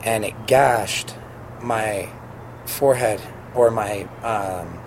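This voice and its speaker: A man's voice: fairly low pitch, very slow, background noise. A man who spins signs, telling a story from his job in a casual interview, acting out the voices of the people in it. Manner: animated, acts out quoted voices, laughs while telling. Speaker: sign spinner guest.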